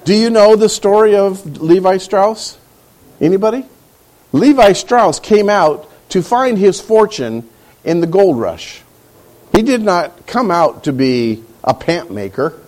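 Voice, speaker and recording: Lively middle-aged male preacher. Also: high-pitched. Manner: animated storytelling, acting out quoted voices. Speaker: pastor. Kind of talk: sermon.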